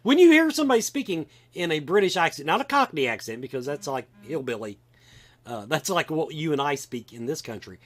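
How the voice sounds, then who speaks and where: A man's voice: fairly high pitch, a little fast. A man with a Kentucky Southern accent hosting a casual podcast chat, rambling and restarting as he goes. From Kentucky, USA. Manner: animated, rambling with many restarts. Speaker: podcast host.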